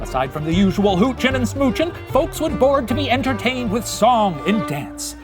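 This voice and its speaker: A man's voice: very animated, normal speed, music in the background. A man voicing a flamboyant male puppet professor who hosts a comedic history quiz in a theatrical, singsong way. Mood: storytelling. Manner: theatrical and singsong, big swoops in pitch. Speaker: host playing a puppet professor. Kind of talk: comedic scripted history lesson.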